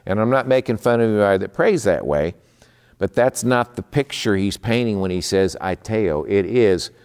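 A man preaching a midweek sermon in a conversational way. He slows down to explain terms and often repeats words. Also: on the low side, expressive, a little mellow, smooth. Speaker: pastor.

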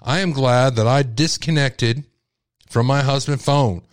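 A male podcast host reading a statement aloud in character as a furious grieving widow, ranting and accusing with sharp swings in pitch. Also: measured pace, no room sound, clean studio sound, natural voice.

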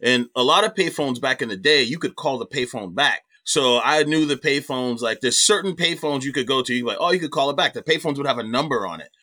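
A middle-aged man, a comedian guest, telling a personal story in animated, profane casual talk. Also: mid-range voice, brisk, few pauses.

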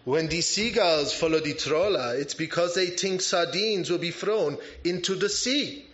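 A man's voice: on the high side, a little slow, fairly bright tone. A man putting on a mock French accent to play a cryptic, aloof French footballer, recorded in a roomy space. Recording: roomy, slightly dull church recording.

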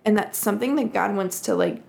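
A woman's voice: mid-range voice, a little fast, vocal fry, darkish tone. A woman co-hosting a casual faith podcast. She tells a story reflectively and acts out the quoted voices. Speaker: podcast co-host.

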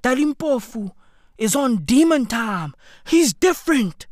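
Excitable high-pitched woman doing reaction commentary. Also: slow, no echo, clean studio sound. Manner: excitable, swearing, repeating phrases for effect. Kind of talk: profane comedic reaction commentary.

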